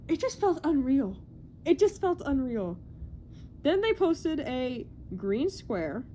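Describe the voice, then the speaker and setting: Young woman, casual vlog chat, excitable, rambling, self-deprecating, faint background noise. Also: high voice. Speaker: movie news YouTuber.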